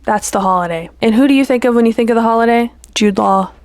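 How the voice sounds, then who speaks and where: A woman's voice: fairly high pitch, fast talker, a little mellow, no echo, studio quality. A young adult woman vlogging in a casual, playful chat, gushing and peppering her talk with "like" and "you know".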